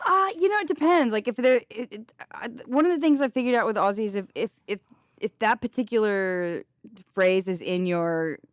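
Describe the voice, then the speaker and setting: Woman musician guest, from Kansas, chatty and easygoing, smooth tone, dry booth sound. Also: mid-range voice, normal speed, dry recording. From Kansas, USA. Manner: chatty, self-deprecating, laughs often. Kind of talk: casual radio interview.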